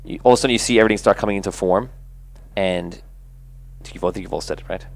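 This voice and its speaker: A man's voice: deep voice, rapid-fire, creaky. A man narrating a tabletop game as game master, rambling with lots of fillers. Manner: rambling, filler-heavy, laughing.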